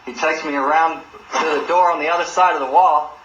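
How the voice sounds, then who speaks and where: A man telling a personal story in a casual, animated way, acting out other people's words. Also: fairly high pitch, brisk, dull audio. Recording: roomy echo with faint background noise.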